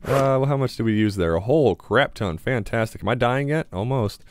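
A man's voice: mid-range voice, a little fast, a little hiss or hum. A young man giving casual gameplay commentary as a gaming YouTuber, chatty and mildly sarcastic as he talks to himself.

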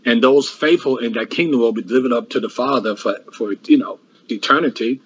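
Husky man preaching a Bible lesson. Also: mid-range voice, brisk, fairly bright tone, muffled recording. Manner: repetitive, restarts often, rhetorical questions. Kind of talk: Bible class sermon.

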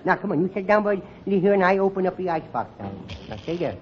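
A man's voice: sits high, fast, close to an everyday voice. A man voicing a mischievous, wheedling little boy who talks in giggly, ungrammatical baby talk in a 1940s radio comedy. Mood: coaxing. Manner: lisping baby talk, giggly, bad grammar. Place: radio studio before live audience. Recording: muffled vintage radio, audience laughter, hiss.

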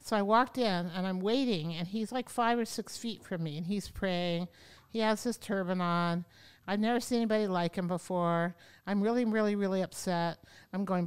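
A woman yoga teacher telling stories as an interview guest, animated and acting out the voices of people she quotes. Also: mid-range voice, normal speed, clear, resonant tone. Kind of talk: storytelling in an interview. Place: podcast studio.

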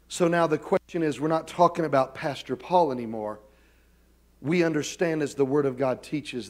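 With a fairly high, expressive voice at a moderate pace, a middle-aged pastor preaches a sermon. He uses self-deprecating humor, going quiet for asides and loud for emphatic calls.

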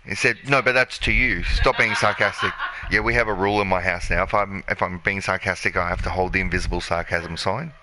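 A man's voice: low-pitched, fairly even intonation, fairly quick, hardly any pauses, bright, forceful tone, a little hiss or hum. A man streaming a video game, joking and swearing as he chats and plays. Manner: profane, joking, laughing banter. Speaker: gaming streamer. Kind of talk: casual let's play commentary.

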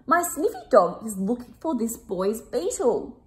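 A woman's voice: a little high, big pitch swings, unhurried. A woman voicing a confident man with a sniffing dog in a read-aloud picture book. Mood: bossy.

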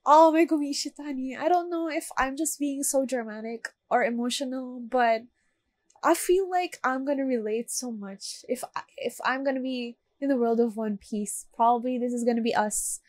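A woman with a high voice, talking at normal speed, does casual anime reaction commentary. Chatty and emotional, she gushes and speaks straight to her viewers.

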